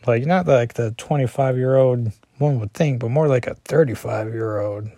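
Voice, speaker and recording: A man talking casually through a comic, page by page, often pausing to poke fun at himself. His voice sits at an ordinary middle pitch. The recording is close and dry, with almost no room sound. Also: warm tone, no echo. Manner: chatty, self-deprecating asides, lots of "like". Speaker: comic book vlogger. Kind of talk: casual comic reading and commentary.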